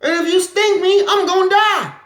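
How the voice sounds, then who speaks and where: A woman's voice: extremely high pitch, normal speed, a bit bright, voice pushed up. A woman voicing a cautious male frog from a fable, wary and pleading. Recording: roomy echo.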